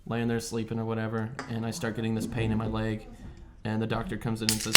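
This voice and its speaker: Profane, animated man telling a story. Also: fairly low pitch, fast talker, a crowd in the background. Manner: profane, animated storyteller who acts out quotes. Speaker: podcast host. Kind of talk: casual storytelling over beers.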